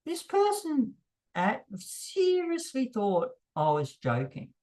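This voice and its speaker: Man vlogging off the cuff; frank, emphatic, pitch leaps up when heated. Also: huge pitch swings, slow pace, darkish tone. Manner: emphatic, voice jumps higher when worked up; frank, blunt, self-deprecating. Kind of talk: unscripted monologue to camera.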